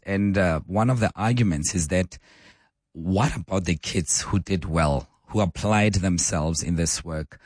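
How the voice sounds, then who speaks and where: Deep, hoarse South African radio host. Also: male voice, a little mellow, no room sound, studio quality. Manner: chatty, asks listeners questions. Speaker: radio talk show host. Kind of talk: call-in talk radio. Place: radio studio.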